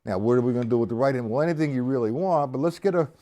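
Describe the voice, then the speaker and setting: A man's voice: medium pitch, very fast, mellow. Man teaching drums on a live stream. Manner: counts and calls sticking aloud, explaining step by step. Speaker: drum teacher. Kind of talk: live-streamed drum lesson. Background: drum kit playing.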